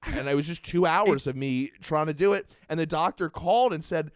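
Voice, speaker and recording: A man's voice: a little high, a little fast, clean tone, no echo, clean studio sound. A young man co-hosting a podcast who tells stories with animation and acts out the lines he quotes. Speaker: podcast co-host. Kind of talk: casual comedic chat.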